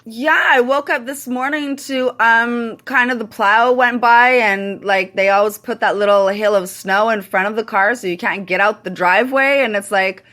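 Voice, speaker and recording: A woman's voice: on the high side, normal speed, few pauses, sharp tone. A woman from Montreal co-hosting a radio talk show, chatty and teasing, her voice a bit cracky from losing it recently. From Montreal, Canada. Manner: laughs often, chatty and teasing. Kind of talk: casual chat.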